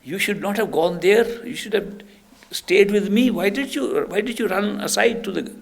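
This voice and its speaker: A man's voice: sits high, normal speed, vocal fry, voice pushed up. A man voicing a stern, caring elderly spiritual master who speaks urgently in a raised voice.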